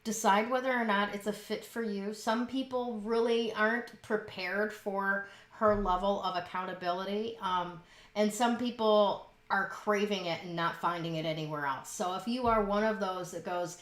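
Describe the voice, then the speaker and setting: A woman's voice: mid-range voice, normal speed, echoey room. A woman hosting an interview, encouraging her guest with short affirmations. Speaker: host.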